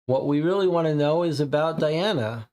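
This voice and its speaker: A man's voice: fairly high pitch, normal speed, a little mellow. A man streaming a live board game playthrough, thinking aloud, reading cards out and answering chat casually.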